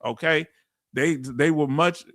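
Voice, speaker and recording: Southern man, live-stream host, slightly high voice, dry close sound, loose chatty delivery. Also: takes it slowly, no echo. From Southern United States. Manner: warm, chatty, with frequent fillers and restarts. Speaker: YouTube channel host. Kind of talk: live-stream chat shout-outs.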